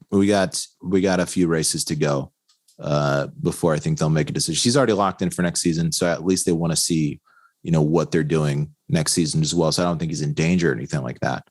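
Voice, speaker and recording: Deep-voiced man, rambling chat. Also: no room sound, clean studio sound. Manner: rambling, laughs often, many fillers. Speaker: podcast co-host. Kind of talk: casual chat.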